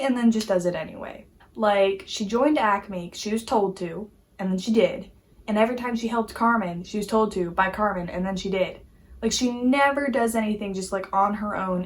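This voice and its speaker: Exasperated woman ranting about a cartoon. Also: mid-range voice. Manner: animated, exasperated, heavy use of "like". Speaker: YouTube commentator. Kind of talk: casual opinion rant.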